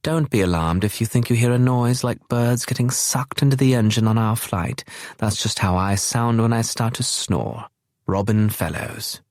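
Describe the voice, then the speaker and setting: A man with a natural, mid-range voice pitched above his own speaks at a moderate pace, recorded dry at studio quality. He's voicing a flamboyant, witty English woman of around forty with a posh English accent and a breezy, teasing manner.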